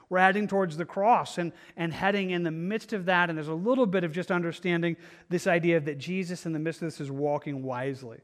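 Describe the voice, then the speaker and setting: A man's voice: sits high, steady tone, fast talker, few pauses. A man teaching a Bible study in a conversational way. He is earnest, thinks aloud as he goes, and often restarts his sentences.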